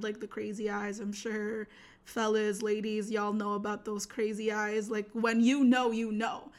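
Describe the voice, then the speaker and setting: This young woman's voice sits a bit high. She tells her story in loose, slangy chat and plays out the voices of everyone she quotes, and her delivery stays lively throughout.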